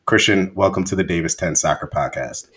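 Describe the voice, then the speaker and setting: Young man, podcast host, very deep voice, easygoing and full of fillers. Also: a little fast. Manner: relaxed, repeats words and uses many fillers. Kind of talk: casual interview chat.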